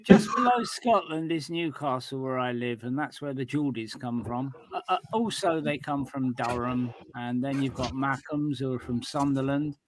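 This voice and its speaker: A man chatting casually on a live writing stream, talkative and quick to laugh. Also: mid-range voice, a little hiss or hum.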